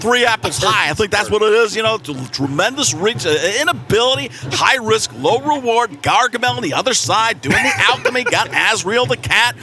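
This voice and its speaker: A man doing a hyper, rambling draft analyst. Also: lively intonation. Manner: rambling, rapid, rising high and loud. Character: excitable older male sports draft analyst.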